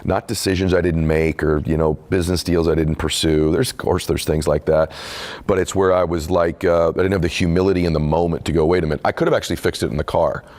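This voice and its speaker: Deep-voiced man telling an earnest story. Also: fairly even intonation, quick pace, darkish tone. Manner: earnest, confessional storytelling with emotional emphasis. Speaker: podcast host and author being interviewed. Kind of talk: candid conversational interview.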